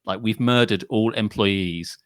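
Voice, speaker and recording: A man's voice: lowish voice, a little slow, dry recording, studio quality. A man co-hosting a podcast in casual chat, ranting comically and swearing freely. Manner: animated, sweary, comic rants. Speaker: podcast co-host.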